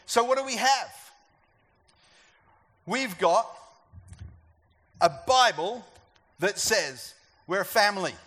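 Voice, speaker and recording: A man's voice: high voice, expressive, slow pace, pauses often, fairly bright tone. A man preaching a sermon to a church gathering, talking conversationally and asking the congregation questions. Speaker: pastor.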